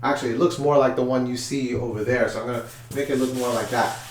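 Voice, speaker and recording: A man leads a music class for young children in an echoey room with chalkboards, counting in, chanting call-and-response and upbeat coaxing to get the kids to join. His medium-pitched voice is steady and fast, recorded from a distance.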